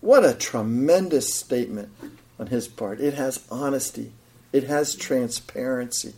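A man delivers a sermon with lively, animated expression. He pushes some phrases up loud and high, then drops to low, quiet asides. His voice sits at a middle pitch. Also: measured pace. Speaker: pastor.

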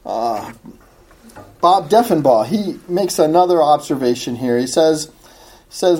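A woman's voice: low voice, lively intonation, unhurried, long pauses, warm tone. A woman teaching a Bible study in an earnest, explanatory way, reading from commentators.

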